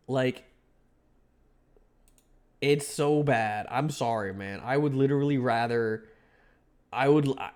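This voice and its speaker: Rambling, excitable young male streamer. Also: medium pitch, a little slow, pauses often. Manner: rambling, excitable, swears a lot, jokes to chat. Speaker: live streamer. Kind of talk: casual live-stream chat.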